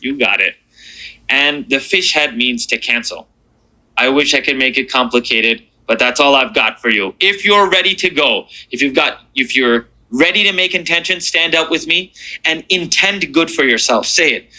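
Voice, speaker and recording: A man's voice: on the high side, animated, moderate pace, pushed and bright, rough recording. A man teaching a beginners' Arabic class in a classroom, encouraging the students and drilling letter sounds aloud with them. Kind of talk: classroom lesson.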